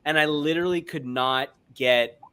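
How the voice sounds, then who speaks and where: A man's voice: fairly high pitch, moderate pace, clean tone. Earnest man on a video call. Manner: earnest, emotional, swings between loud and hushed. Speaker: guest speaker. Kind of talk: heartfelt motivational chat.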